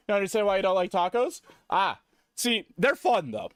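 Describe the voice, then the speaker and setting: A man with a high voice swings widely up and down as he jokes with chat on a live stream. He swears freely, rambles and sometimes flares into loud mock rants. The sound is dry and close, with no room echo. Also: sing-song, moderate pace, clean tone.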